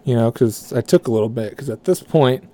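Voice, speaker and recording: A man's voice: mid-range voice, brisk, mellow. A man telling a profane work story casually, rambling and correcting himself as he goes. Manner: rambling, swearing, self-correcting.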